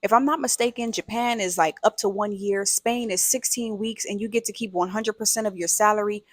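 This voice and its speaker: A woman's voice: medium pitch, fairly even intonation, fairly quick, dry recording, studio quality. A woman who is a mother, hosting a casual vlog, talking in an emphatic, conversational, slangy way. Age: adult, a mother. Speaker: video host.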